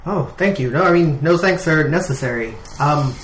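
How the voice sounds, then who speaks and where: A man's voice: on the high side, moderate pace, fairly bright tone, reverberant, slight background noise. Hesitant, rambling man at the game table. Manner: rambling, hesitant, many fillers. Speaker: player.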